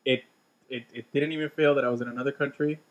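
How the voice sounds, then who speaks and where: A young man chatting casually on a radio show, rambling and excitable, swearing freely about sports and travel. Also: medium pitch, quick pace, dull audio. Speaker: radio co-host. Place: radio studio.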